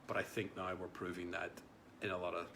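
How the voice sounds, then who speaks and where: A man's voice: sits low, level tone, a little fast, noisy background. A man hosting a casual live stream, reading out viewer comments in a rambling way, with many fillers and repeated words. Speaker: livestream host.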